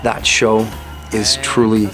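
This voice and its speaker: A male singer talking in a casual interview, chatty and playful, with quick restarts. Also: on the low side, steady tone, over music. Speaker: singer guest.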